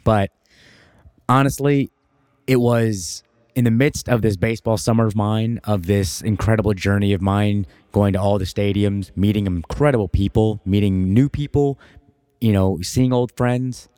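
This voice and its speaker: A young man co-hosting a podcast, telling a personal story in an animated, emphatic way. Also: fairly low pitch, moderate pace, smooth, dry recording, clean studio sound. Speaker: podcast co-host. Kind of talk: casual storytelling.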